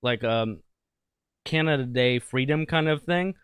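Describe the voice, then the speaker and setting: A man talks casually as a co-host, recounting events plainly. His mid-pitched voice is smooth and clear, and the sound is dry and close. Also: measured pace, a bit bright, no room sound. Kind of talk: casual chat.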